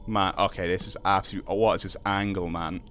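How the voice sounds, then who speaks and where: A young Irish man streaming a video game live, chatting casually, reading out viewer messages and reacting loudly when startled. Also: low voice, little pitch movement, brisk, slight background noise. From Ireland. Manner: casual, reads chat aloud, yelps when startled. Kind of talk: live gameplay stream chat.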